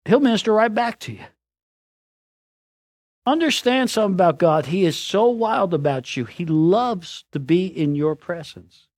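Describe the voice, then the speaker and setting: Middle-aged guy preaching, jokey and animated, voice jumps all over, dry close sound. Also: sits high, no room sound. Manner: animated, joking storyteller with loud outbursts. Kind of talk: sermon.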